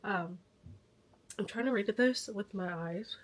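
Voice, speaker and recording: A woman vlogging casually about books, hoarse with a stuffy nose from illness, chatty and a little dramatic about it. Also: mid-range voice, unhurried. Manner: chatty, self-aware dramatic. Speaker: book vlogger. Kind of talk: casual vlog chat.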